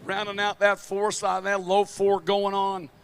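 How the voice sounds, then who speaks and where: A man giving excited, chatty color commentary on a BMX race live. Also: high voice, measured pace, vocal fry, a little hiss or hum. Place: outdoor BMX track.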